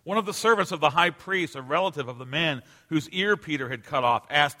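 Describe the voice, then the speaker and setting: A man in his forties preaching a sermon as pastor, emphatic, swinging between loud declarations and hushed asides. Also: fairly high pitch, expressive, fairly quick. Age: 40s. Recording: long reverb of a large hall.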